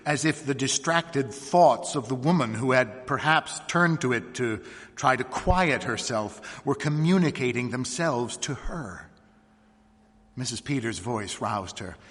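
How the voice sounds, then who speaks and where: A man reading a short story aloud in a measured, expressive narration. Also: mid-range voice, slightly rough, long reverb tail. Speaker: reader.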